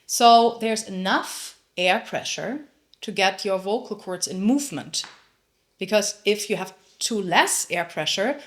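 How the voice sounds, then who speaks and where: A woman teaching a singing lesson, explaining technique and breaking into sung demonstrations. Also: medium pitch. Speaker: vocal coach.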